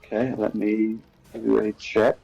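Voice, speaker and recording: A man running a tabletop game as game master. His voice sits low with a gravelly fry to it. He talks in a relaxed, halting way with fillers. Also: lo-fi sound, soft background music. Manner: easygoing, halting rules talk with fillers.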